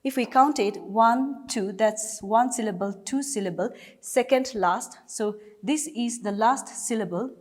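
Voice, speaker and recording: A woman's voice: on the high side, measured pace, a little mellow. A woman teacher from Nagaland with a Naga English accent, giving a recorded class lesson patiently and step by step with repeated examples. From Nagaland, India.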